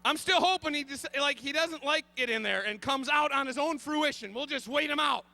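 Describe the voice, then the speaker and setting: A man in his thirties telling a comic story on stage, animated and frantic, bursting into shouts. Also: very high voice, fairly quick, gravelly. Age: 30s. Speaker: comedian.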